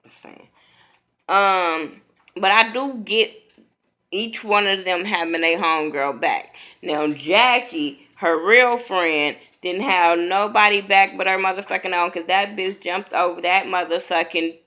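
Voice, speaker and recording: A woman's voice: on the low side, a little slow, bright, forceful tone. A woman giving a blunt, profane, opinionated casual recap of a reality TV episode.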